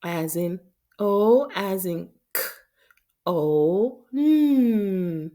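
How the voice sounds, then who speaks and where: Slow Haitian woman teaching phonics. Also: lowish voice, very animated, mellow. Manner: slow, drawn-out sounding out of letters and words. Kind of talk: phonics lesson for young children.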